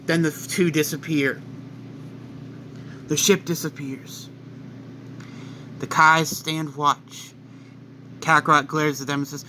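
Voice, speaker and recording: A man tells a fan-made what-if story in quick, excitable narration. His voice is bright and keen, a bit higher than usual for a man. He talks casually and keeps the story moving. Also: a little hiss or hum.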